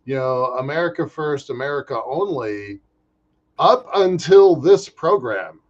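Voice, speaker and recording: A man co-hosting a podcast, chatting casually about space industry news in an animated way, often restarting his sentences. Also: a little high. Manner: animated, halting with restarts and fillers. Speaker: podcast co-host. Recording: muffled lo-fi audio.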